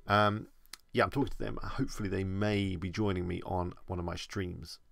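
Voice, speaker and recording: A man's voice: low-pitched, little pitch movement, moderate pace, vocal fry, a bit bright, dry recording. A man with an English accent, chatting casually as he answers viewer questions on a live stream.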